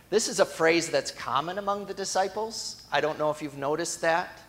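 A man's voice: sits high, normal speed, few pauses, fairly bright tone. A man preaching a sermon in a conversational storytelling way that builds to emphatic moments.

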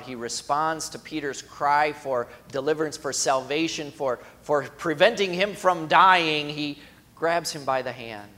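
A male pastor preaching a sermon, swinging between emphatic raised cries and quiet, hushed lines, and acting out imagined quotes in a chatty voice. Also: mid-range voice, in a large hall.

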